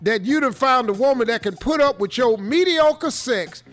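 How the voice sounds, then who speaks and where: Guy hosting a show, real high voice, swings all over the place, teasing, streetwise banter, music going underneath. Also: animated, normal speed, a bit bright. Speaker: radio show host. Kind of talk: comedic advice commentary.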